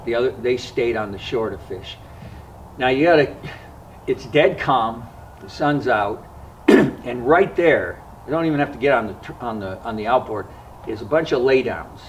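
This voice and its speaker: Unhurried man telling a fishing story. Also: mid-range voice, expressive, far from the mic, muffled recording, a little hiss or hum. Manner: unhurried and conversational, with frequent pauses and fillers. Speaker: fishing vlogger. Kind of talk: casual spoken storytelling to camera.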